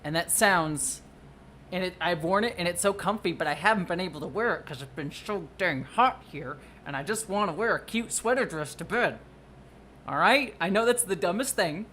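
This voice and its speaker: Excitable rambling livestreamer. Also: mid-range voice, moderate pace, slight background noise. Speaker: livestreamer and video producer. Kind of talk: casual livestream chat. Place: at home under a blanket.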